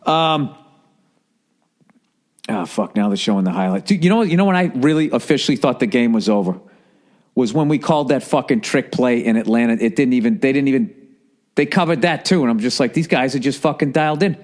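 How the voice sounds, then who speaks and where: A man, talking in a rambling, profane, animated monologue as a podcast host. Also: mid-range voice, fairly quick. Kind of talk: casual monologue.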